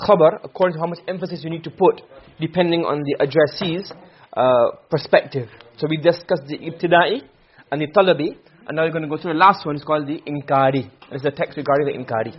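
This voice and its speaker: Male teacher, high voice, talks fast, checks understanding often; dull, muffled recording. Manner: quick explanations with frequent checks for understanding. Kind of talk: classroom lesson. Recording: dull lo-fi sound.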